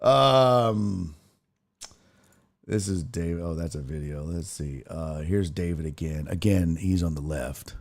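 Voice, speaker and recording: A man's voice: low voice, takes it slowly, creaky. A man hosting a casual sports talk stream, reading viewer comments aloud and riffing on them in loose, profane banter. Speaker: sports talk show host.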